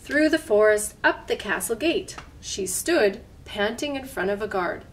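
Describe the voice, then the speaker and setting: A woman storyteller reading a picture book aloud, gently pointing out the pictures as she goes. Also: medium pitch, lively intonation, measured pace, a little hiss or hum. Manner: gentle, explaining pictures to listeners. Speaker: library storyteller.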